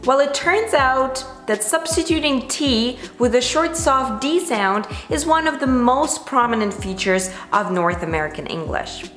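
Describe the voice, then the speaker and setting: A woman's voice: on the high side, fairly bright tone, echoey room. A woman teaching an English pronunciation lesson, speaking carefully and repeating example words for drill.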